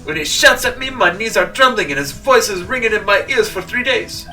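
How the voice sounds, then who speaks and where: Brief: theatrical, whiny French-accented restaurateur voiced by a man, bright edge, distant mic with game music. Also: sits high, lively intonation, a little fast, pitched above the performer's own voice, heavily acted. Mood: dramatic. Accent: put-on French. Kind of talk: reading game dialogue aloud.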